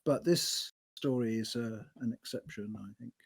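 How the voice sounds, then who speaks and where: A man co-hosting a casual book discussion, speaking in a measured, thoughtful way. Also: medium pitch, vocal fry, breathy edge. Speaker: book podcast co-host.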